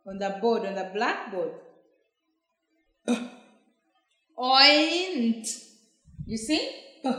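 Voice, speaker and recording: A woman's voice: fairly high pitch, fairly bright tone. A woman teaching phonics, sounding out words letter by letter in a patient, encouraging way. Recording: very echoey room.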